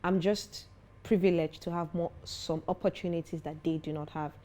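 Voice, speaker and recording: A young woman who founded a foundation is interviewed, and she answers with earnest confidence at a normal speed. Her slightly low voice is mellow, not bright, and she livens up whenever she tells a story.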